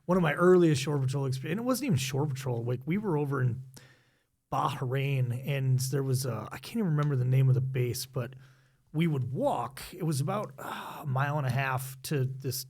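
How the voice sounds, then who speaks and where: A man's voice: medium pitch, moderate pace, a little mellow. A man hosting a podcast, telling a rambling, profane service story and constantly checking in with his guest. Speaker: podcast host, former serviceman. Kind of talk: casual storytelling chat.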